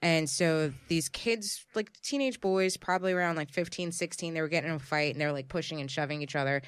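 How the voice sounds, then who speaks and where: A woman co-hosting a podcast, telling a story in an animated, chatty way. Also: deep voice, a little fast, clear, resonant tone, no room sound. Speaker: podcast co-host. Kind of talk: casual chat.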